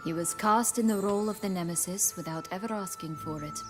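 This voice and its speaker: A woman's voice: medium pitch, brisk, natural voice. An actress playing a sly, scheming young noblewoman in a video game, teasing and commanding. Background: game music.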